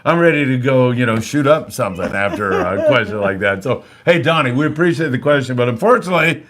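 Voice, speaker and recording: A man's voice: medium pitch, animated, quick pace, a crowd in the background. An older man hosting a live fishing show, joking around and reading out viewer comments in casual chat. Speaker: host.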